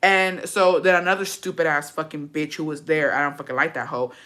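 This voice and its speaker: Woman vlogger with a bright, forceful voice; profane, gossipy storytime chat. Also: deep voice, fairly even intonation, brisk.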